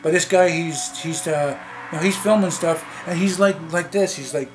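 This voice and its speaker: A man's voice: on the high side, moderate pace. A man vlogging a rambling, annoyed movie critique to camera, full of fillers and restarts. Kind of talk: casual movie rant to camera. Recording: music playing clearly behind the voice.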